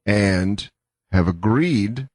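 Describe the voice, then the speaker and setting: A comedy podcast co-host jokes casually and acts out quoted people in an animated way. His lowish voice moves very slowly, captured with clean studio sound and no room echo.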